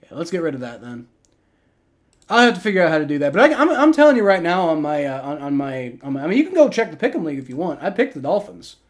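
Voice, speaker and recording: A young man hosting a live stream, giving rambling, excitable reactions and play-by-play while he watches a football game and swears freely. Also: fairly high pitch, fast talker. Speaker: livestream host.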